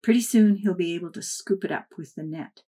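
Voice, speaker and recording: A woman reading a calm, patient father. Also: lowish voice, brisk, lightly acted. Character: patient father explaining to his child.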